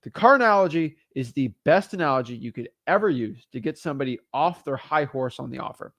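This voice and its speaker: A man coaching real estate wholesaling in a blunt, energetic, casual way. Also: mid-range voice, fairly quick, few pauses, no room sound, studio quality. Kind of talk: casual instructional talk.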